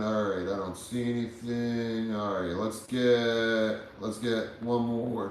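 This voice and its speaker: A man's voice: fairly low pitch, normal speed, hardly any pauses. A man from the United States hosting a livestream, chatting casually, rambling and swearing as he reads viewer comments. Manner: rambling, profane, laid-back. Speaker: livestream host. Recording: very echoey room with faint background noise.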